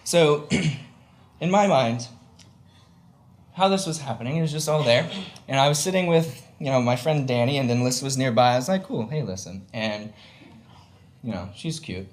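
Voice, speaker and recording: Performing before a live audience, a young Southern US man tells a funny story in a mid-range voice at normal speed, pausing often. His delivery is chatty and filler-heavy, and he laughs along while talking.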